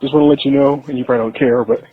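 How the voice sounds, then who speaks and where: A man's voice: mid-range voice, fairly even intonation, racing, faint music behind. A man leaving a chatty, teasing voicemail for a podcast. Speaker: caller. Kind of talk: casual voicemail. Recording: tinny phone voicemail.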